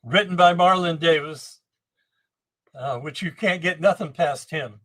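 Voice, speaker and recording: A man in his seventies, a guest on a podcast, telling rambling, animated anecdotes about engine building and often restarting his sentences. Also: fairly high pitch, measured pace. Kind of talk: storytelling podcast interview.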